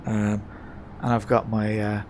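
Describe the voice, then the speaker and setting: A man's voice: on the low side, a little slow, slight background noise. Chatty man streaming from his racing rig. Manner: relaxed and chatty, answers chat, many "uh"s and restarts. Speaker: streamer racing in a sim-racing league. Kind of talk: casual live-stream chat. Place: home sim-racing setup.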